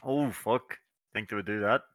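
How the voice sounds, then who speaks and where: Low, bright-voiced man. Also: moderate pace, no echo. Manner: laid-back, wry, brief replies and laughs. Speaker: podcast co-host. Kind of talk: casual wrestling chat.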